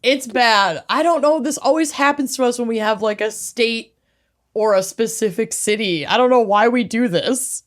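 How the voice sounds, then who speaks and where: A woman's voice: fairly high pitch, normal speed. A woman co-hosting a true crime podcast in casual chat, with dry, blunt reactions. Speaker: podcast co-host.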